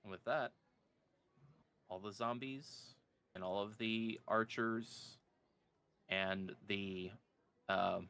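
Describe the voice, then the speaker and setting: Casting: a deep-voiced male game master, forceful tone, tabletop narration. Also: fairly even intonation, slow pace, long pauses, clean tone.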